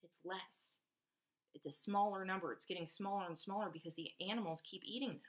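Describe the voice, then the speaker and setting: A woman's voice: mid-range voice, a little fast. A woman, a preschool teacher, reading a picture book aloud to children, counting along and asking them questions. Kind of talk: read-aloud storytelling for children.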